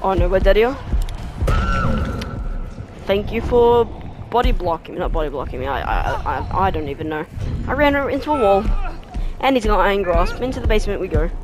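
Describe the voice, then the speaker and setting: A young adult gaming creator giving live, reactive commentary over gameplay, with quick exclamations and frequent laughs. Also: mid-range voice, expressive. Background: background music.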